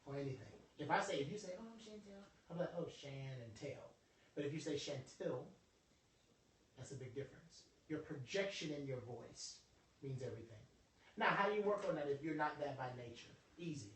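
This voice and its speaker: Lively preacherly man, bright and echoey. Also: mid-range voice, brisk, a little hiss or hum. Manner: lively, preacherly, joking, calls on the audience. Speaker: motivational speaker. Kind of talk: informal motivational talk to a small group. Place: indoor room with a small audience. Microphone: phone livestream from across the room. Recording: echoey room, voice from a distance.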